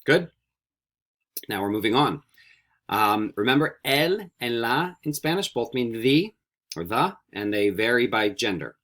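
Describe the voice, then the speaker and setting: A man teaching a Spanish vocabulary lesson, repeating each word slowly and coaxing students with friendly questions. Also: mid-range voice, very animated, a bit bright. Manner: slow, carefully repeated word drills. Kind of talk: recorded classroom vocabulary lesson.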